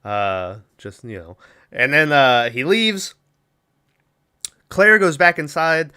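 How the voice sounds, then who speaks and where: Bright, smooth-voiced man recapping a movie. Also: fairly high pitch, takes it slowly. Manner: rambling, recaps with acted quotes and laughs. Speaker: podcast host.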